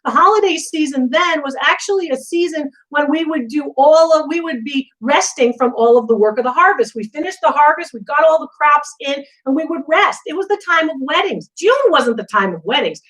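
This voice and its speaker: A middle-aged woman hosting a live antiques Q&A, chatting casually and telling animated stories full of asides. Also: high voice, fairly quick, hardly any pauses, rough recording. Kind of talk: casual live-stream chat.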